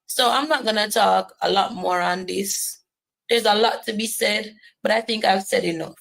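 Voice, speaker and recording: A woman's voice: mid-range voice, moderate pace, gravelly, a bit bright, low-quality recording. A woman giving earnest personal testimony, driving points home by repeating phrases.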